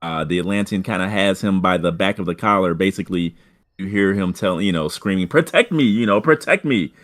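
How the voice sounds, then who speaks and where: A man narrating a tabletop game as game master, halting, with many fillers and restarts. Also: low voice, fairly even intonation.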